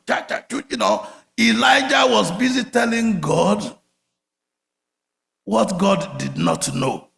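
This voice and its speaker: A man preaching a sermon, telling stories with big swings from loud outbursts to quiet murmurs. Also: high voice, vocal fry. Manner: animated storytelling, swings from shouts to murmurs. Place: church sanctuary. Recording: echoey church hall.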